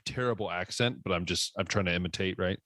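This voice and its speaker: A man co-hosting a sports podcast, giving frank, opinionated takes and cutting in to argue his point. His voice is low and sounds dry and close to the mic. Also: fast, fairly bright tone, no echo. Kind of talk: casual sports chat.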